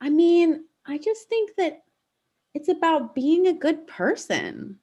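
A woman's voice: very high-pitched, sing-song, slow pace, warm tone, dull audio. A woman researcher as an interview guest, speaking casually and earnestly with many fillers. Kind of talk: interview conversation.

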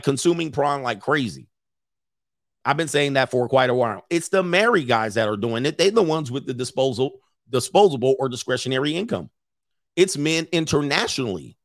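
A man hosting a casual commentary stream, brash and joking, talking over clips he pulls up. His pitch swings widely as he riffs, and the sound is close and dry. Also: no room sound. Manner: brash, joking, laughs often.

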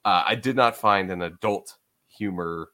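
A man's voice: low-pitched, a little slow, sharp tone. A man co-hosting a podcast, chatting casually, swearing freely and laughing as he talks. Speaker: podcast co-host. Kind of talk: casual chat.

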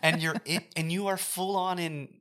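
A woman's voice: on the low side, fairly even intonation, normal speed, fairly bright tone. A woman in her forties chatting casually as a podcast co-host, swearing freely and acting out film scenes in quoted voices. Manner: profane, joking, acts out scenes in quoted voices. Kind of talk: casual chat reviewing a film.

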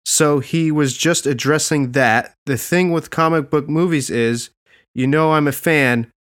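A man's voice: a little high, measured pace, clear, resonant tone. Laughing podcast host, a man. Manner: laughs often, animated when quoting. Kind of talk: casual podcast chat.

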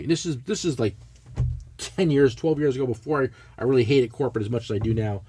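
A man's voice: medium pitch, fast, slightly rough. A middle-aged man, telling a profane, blunt story in casual chat as a podcast co-host. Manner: animated, swearing, blunt ranting.

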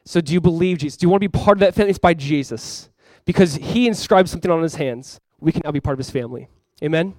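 Young guy pastor preaching, earnest chatty style, kinda high voice, dry close sound. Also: fast, hardly any pauses, a little mellow, dry recording. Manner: earnest, conversational, with frequent fillers. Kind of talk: sermon.

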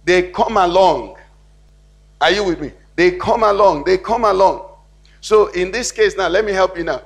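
High-voiced pastor preaching. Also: male voice, normal speed. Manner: preaching with call-and-response questions to the congregation. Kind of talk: sermon. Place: church.

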